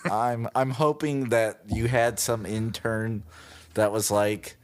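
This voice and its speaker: A man co-hosting a casual podcast in a relaxed, wry way. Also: medium pitch, takes it slowly. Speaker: podcast co-host. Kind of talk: casual chat.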